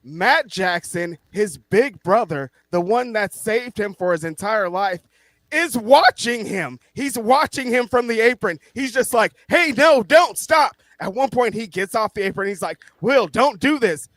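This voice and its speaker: A man co-hosting a podcast, ranting excitably and swearing, his voice hoarse from yelling. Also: sits high, unhurried, no echo. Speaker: podcast co-host. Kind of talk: casual wrestling review chat.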